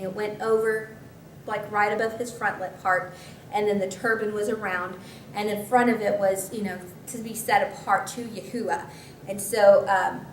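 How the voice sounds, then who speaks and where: A woman pastor teaching scripture in a conversational way, with chatty asides. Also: mid-range voice. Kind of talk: Bible teaching. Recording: echoey room, mic at a distance, faint noise.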